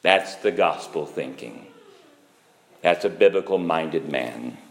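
A man preaching a sermon, slow and emphatic, with sudden rises and drops in pitch and loudness. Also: lively intonation, slight background noise. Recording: echoey hall.

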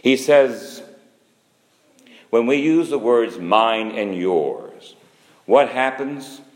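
A man preaching a sermon, slow and emphatic, with sudden rises and drops in pitch and loudness. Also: lively intonation. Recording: echoey hall.

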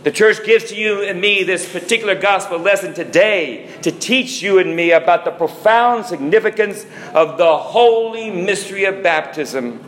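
A priest delivers his sermon in a slightly higher-than-usual male voice, lingering on words and swinging his pitch up for emphasis before dropping low. The sound lingers in a long church reverb with faint ambience behind. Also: animated, a bit bright, a little hiss or hum. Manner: slow, deliberate preaching with rising emphasis and rhetorical questions.

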